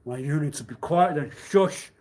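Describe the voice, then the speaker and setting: A man on a live stream delivering a rambling, accusatory monologue, swinging between loud outbursts and low muttering. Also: a little slow, slightly rough. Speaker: livestreamer.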